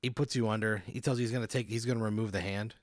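A man's low, steady voice races along in a studio-quality recording with no room sound. Hosting a podcast, he casually spins an invented scenario for his guest, relaxed and chuckling as each scene unfolds.

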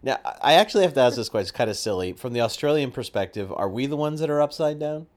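A man's voice: medium pitch, expressive, rapid-fire. A North American man hosting a podcast in casual chat, chatty, often restarting his sentences and laughing. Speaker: podcast host.

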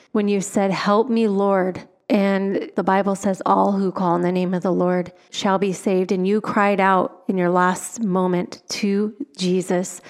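A woman hosts a faith talk show, asking her guest questions in a gentle, affirming way and quoting scripture. Her pitch stays level and even, with little rise and fall. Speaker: show host.

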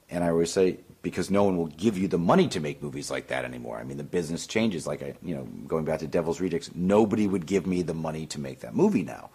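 A man's voice: low voice, lively intonation, a little fast, dark tone, slightly rough. A man, a filmmaker, answering interview questions in a rambling, matter-of-fact way.

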